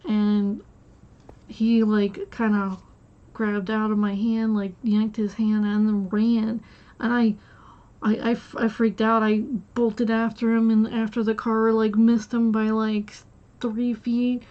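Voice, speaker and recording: Woman streamer, fairly high voice, slow and rambling, acts out quoted dialogue; dull lo-fi mic with faint hiss. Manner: rambling, retells conversations by acting out quotes. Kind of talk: casual personal storytelling. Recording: dull lo-fi sound with faint noise.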